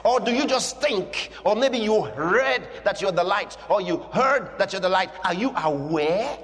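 Man, preaching, high animated voice, slow and drawn-out, echoing hall reverb. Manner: emphatic, drawn-out, with bursts of shouting and chuckles. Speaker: pastor. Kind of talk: sermon.

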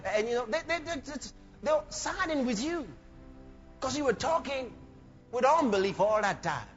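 A man preaching a sermon in an animated way, breaking into shouts and laughter. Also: extremely high pitch, moderate pace. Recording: dull lo-fi sermon recording with faint music.

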